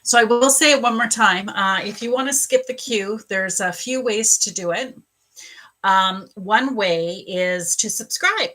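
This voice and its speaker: A woman's voice: mid-range voice, measured pace, a bit bright, rough recording. Effusive woman giving psychic readings. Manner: effusive, emotional, rambling with fillers. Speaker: psychic medium and spiritual coach. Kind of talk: live-streamed psychic reading.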